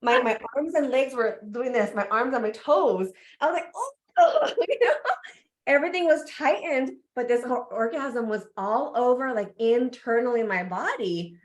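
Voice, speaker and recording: A woman podcast guest and coach telling a candid personal story in an animated way, laughing often and acting out her reactions. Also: a little high, normal speed, hardly any pauses.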